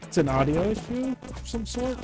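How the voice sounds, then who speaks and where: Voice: medium pitch, sing-song, normal speed, low-quality recording. Rambling, jokey game streamer. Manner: rambling and jokey, reads chat aloud. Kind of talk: casual live-stream chatter while gaming. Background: game music.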